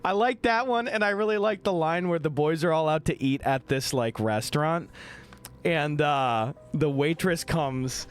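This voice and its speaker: Soft background music plays behind this young man from the American Midwest, whose clear, resonant voice is on the high side and a little slow. On his live stream he jokes around, swears heavily and reads the chat out loud with animated energy.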